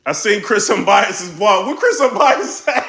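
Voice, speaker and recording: Man, excited commentary vlog, very animated, echoey room. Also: high voice, measured pace. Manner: animated, laughing, quoting others in a raised voice. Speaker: battle rap commentary vlogger.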